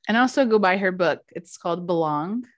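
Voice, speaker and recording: A woman's voice: lowish voice, expressive, a little fast. A woman hosting a podcast, affirming her guest and wrapping up the show. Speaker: podcast host, energy coach.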